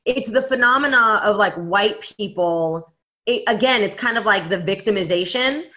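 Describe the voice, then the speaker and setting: A woman's voice: mid-range voice, normal speed, pushed and bright. A woman co-hosting a podcast in casual chat, blunt and emphatic, swearing now and then. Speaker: podcast co-host.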